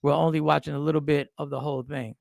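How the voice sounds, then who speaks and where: A man hosting a casual talk show, telling a personal story in an animated way, repeating himself. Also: a little high, fast, gravelly, no echo, clean studio sound. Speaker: host.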